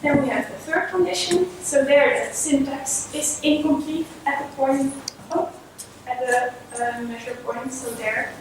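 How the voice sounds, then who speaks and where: Woman presenter, high voice, halting delivery with fillers; distant mic with noticeable room noise. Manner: hesitant, with frequent fillers and apologetic asides. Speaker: conference presenter. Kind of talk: academic presentation. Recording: echoey hall from far off with noise.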